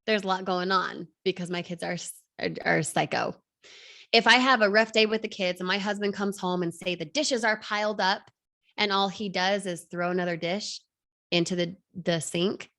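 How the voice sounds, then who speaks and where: A woman in her thirties coaching an online class, energetic, firing rhetorical questions at the audience. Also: medium pitch, normal speed. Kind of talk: motivational class talk.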